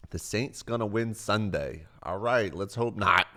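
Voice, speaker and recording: Man, very deep voice, casual stream chat, rambling, swears freely, close mic. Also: unhurried, sharp tone. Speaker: streamer answering chat questions. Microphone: close desk mic.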